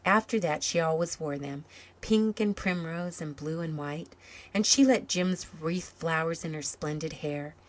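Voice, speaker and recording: A woman narrating a storybook in an even, measured way. Her voice sits on the low side and stays calm throughout. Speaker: story reader.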